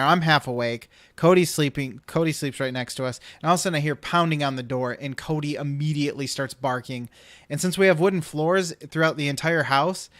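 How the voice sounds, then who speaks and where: Studio-quality audio without echo captures a man's somewhat high, slightly bright voice. He hosts a podcast and meanders through a long story in casual talk, voicing the lines of the people in it.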